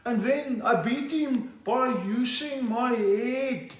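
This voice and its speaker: Man doing a boxing champ impression, slow drawl, off-mic. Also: extremely high pitch, reverberant, far from the mic, pitched above the performer's own voice. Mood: dopey pride. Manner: drawn-out, slow, plodding delivery. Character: slow, simple-spoken male boxing champion.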